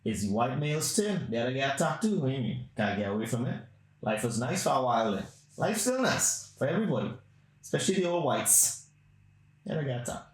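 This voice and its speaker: Guy hosting a podcast, crude blunt rambling storyteller, mid-pitched voice, echoey room. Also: big pitch swings, a little fast. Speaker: podcast host. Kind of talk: casual storytelling. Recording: roomy echo.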